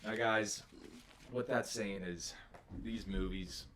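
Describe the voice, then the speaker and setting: A young man with a very deep voice co-hosting a casual podcast. He speaks in an earnest, encouraging way that turns a little preachy, and faint noise hums in the background. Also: fairly even intonation, takes it slowly, fairly bright tone. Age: young adult. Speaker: podcast co-host. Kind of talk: casual podcast chat and scripture reading.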